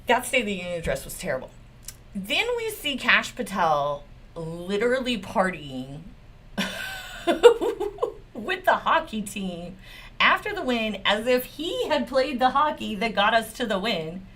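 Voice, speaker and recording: A woman's voice: medium pitch, sing-song, normal speed, sharp tone. A woman lawyer hosts her own commentary channel. She rants about politics in a blunt, sarcastic voice, swears often, and mocks the people she talks about with open exasperation. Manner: mocking and exasperated. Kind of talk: profane political commentary rant.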